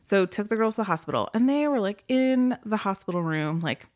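A woman speaking in a casual podcast chat, telling an emotional story and slowing down, going soft at the heavy moments. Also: mid-range voice, lively intonation. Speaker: former group home worker.

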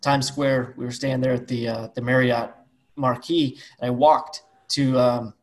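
A man hosting a podcast, chatting casually in a relaxed, halting way full of fillers. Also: medium pitch. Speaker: podcast host.

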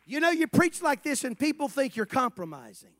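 A pastor with a strikingly high voice preaches to his church, rising to shouts and then dropping to hushed asides. He keeps asking the room questions and calling for answers back. The sound is close and dry, with almost no room echo. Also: sing-song, fairly quick. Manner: swings from shouted exhortation to soft, low asides; asks the congregation questions, calls for responses. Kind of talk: sermon. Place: church sanctuary.

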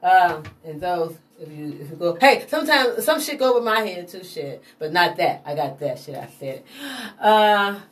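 A woman's voice: lowish voice, normal speed. A woman talking in a rambling, digressive monologue, laughing often and swearing casually. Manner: digressive, laughing, profane, animated. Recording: voice from a distance.

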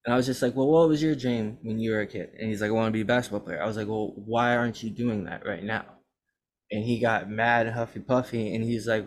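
Profane young man telling animated stories. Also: medium pitch, quick pace. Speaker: podcast host and rapper. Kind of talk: casual chat.

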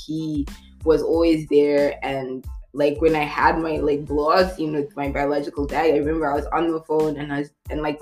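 A woman's voice: low voice, darkish tone. A woman telling a personal story in a candid, rambling way, full of "like". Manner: rambling, heavy use of "like", emotional but laughing at times.

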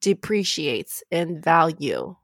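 A woman's voice: deep voice, very animated, slow, vocal fry, fairly bright tone, no echo. Blunt, profane young woman on a dry mic. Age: young adult. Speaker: podcast co-host. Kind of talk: casual chat.

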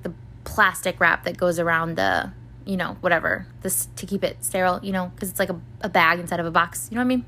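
A woman's voice: medium pitch, sharp tone, slight background noise. A young woman hosting a podcast, telling a personal story in a rambling, casual way, full of fillers and swearing. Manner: rambling, filler-heavy, swears freely, acts out voices of others. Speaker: podcast host.

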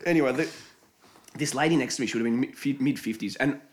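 A man's voice: medium pitch, fast, slight background noise. A young Australian man telling a story in casual chat, swearing freely and laughing often.

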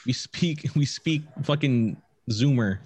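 A man's voice: mid-range voice, slow, husky, dry recording. A young man chatting casually on a podcast, telling stories with lots of swearing and laughter. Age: young adult. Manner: animated storyteller, swears often, laughs a lot. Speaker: podcast co-host, streamer. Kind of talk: casual chat.

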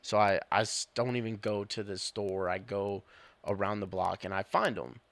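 A young man, a police officer and podcast co-host, telling stories in casual chat, animated and swearing, often laughing. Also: lowish voice, normal speed, vocal fry, no room sound.

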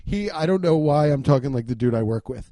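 Male comedian-host from Cincinnati: high voice, loose profane rambling, dry close mic. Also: expressive, brisk, warm tone, no echo. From Cincinnati, USA. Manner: rambling, profane, repeats words as he restarts. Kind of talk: casual podcast rant.

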